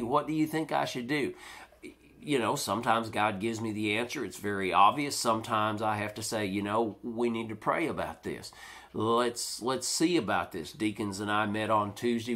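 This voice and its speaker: Man preaching an animated sermon. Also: medium pitch. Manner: animated preaching, acts out quoted complaints. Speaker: pastor. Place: church.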